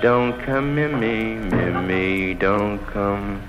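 A man's voice: on the low side, drawn-out words. A man performing a stand-up comedy routine in a repetitive, mocking, escalating manner. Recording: dull lo-fi archive recording with music.

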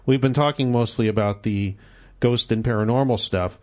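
A man with a mid-range voice hosts a radio talk show. He asks his guest questions in a relaxed, conversational way. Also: mid-range voice, moderate pace. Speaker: radio host. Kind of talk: radio interview.

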